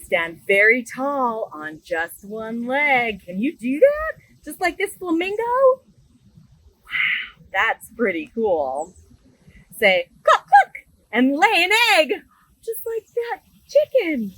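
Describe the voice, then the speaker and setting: An enthusiastic woman reads a picture book aloud to young children and speaks to them directly in a sing-song storytime voice. Her voice sits high and jumps all over the place. She reads at an easy, unhurried pace, and the sound is close and dry. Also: sing-song, fairly bright tone, dry recording, rough recording. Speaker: children's librarian. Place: outdoors in a garden.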